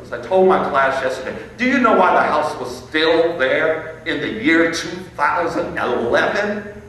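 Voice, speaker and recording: Emphatic storyteller in an echoing hall. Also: male voice, a little high, lively intonation, a bit bright. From Illinois, USA. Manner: emphatic, dramatic pauses and repetition. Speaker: inspirational speaker. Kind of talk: storytelling talk on stage. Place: large hall on stage. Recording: echoey hall, mic far off, faint noise.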